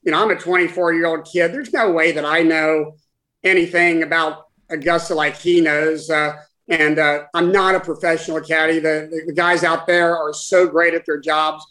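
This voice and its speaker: A man in his sixties, a guest, telling a personal story in conversation in a halting, heartfelt way with many restarts. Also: a little high, steady tone, bright, forceful tone, poor audio. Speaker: guest, former caddie for his father.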